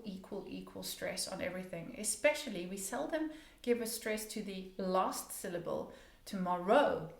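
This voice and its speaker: A woman pronunciation coach teaching English casually, slowly demonstrating sounds and repeating words, encouraging her viewers. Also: mid-range voice, gravelly, a bit bright, reverberant. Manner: encouraging, speaks directly to viewers.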